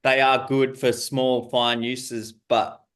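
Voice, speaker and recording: A man's voice: mid-range voice, level tone, slow pace, fairly bright tone. A man interviewing a customer for a paint company, casual and enthusiastic, with lots of short affirmations.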